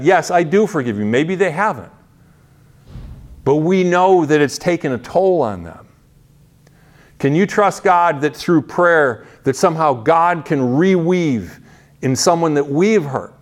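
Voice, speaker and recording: A man preaching a sermon in an earnest, conversational way, often restarting his phrases. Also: on the high side. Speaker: pastor.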